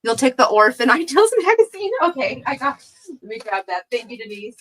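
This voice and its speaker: A woman's voice: on the high side, sing-song, a little fast, a bit bright, a little hiss or hum, low-quality recording. Chatty woman hosting a live sale. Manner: chatty, exclaims over items, laughs often. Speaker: host of a live online craft sale. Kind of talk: casual live-stream selling chat.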